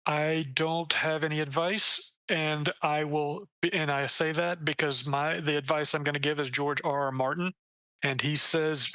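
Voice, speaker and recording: Animated, bright-voiced man talking books. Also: unhurried, no room sound, rough recording. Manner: animated, acts out quoted lines with jumps in pitch; swears casually, restarts sentences. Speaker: debut author, guest. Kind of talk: casual interview chat.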